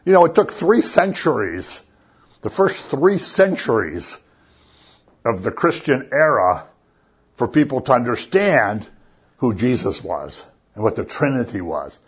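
Man, husky voice, lively pitch, casual preaching, dull lo-fi recording. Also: unhurried. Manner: conversational, asks the listeners "right?" often. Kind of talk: casual sermon.

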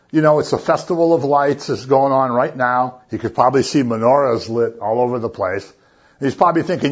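A man's voice: medium pitch, moderate pace, breathy edge, muffled recording. A man giving a casual, conversational sermon and often checking in with his listeners. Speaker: preacher.

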